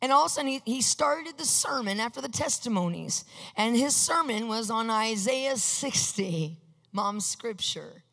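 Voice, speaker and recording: Animated woman preaching in an echoing hall. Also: a little high, normal speed. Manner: animated storyteller acting out dialogue; bursts into excited shouts. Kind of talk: testimony sermon. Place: large hall with a screen. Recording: long hall reverb.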